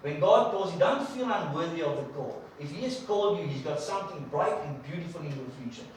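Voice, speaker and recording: A man preacher giving a conversational, animated sermon in a church. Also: a little high, a little fast, a little hiss or hum. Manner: animated storyteller, conversational, acts out quotes. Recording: echoey church from a distant mic.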